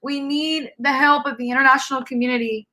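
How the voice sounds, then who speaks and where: A woman's voice: high voice, steady tone, a little fast, sharp tone, rough recording. A woman hosting a live stream, speaking earnestly and emotionally while crying, often repeating herself. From Cuban-American. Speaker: livestream host.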